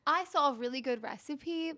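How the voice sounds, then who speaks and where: Bright, high-voiced young woman chatting. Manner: chatty, laughs often, fast and bubbly. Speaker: podcast co-host. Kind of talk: casual chat.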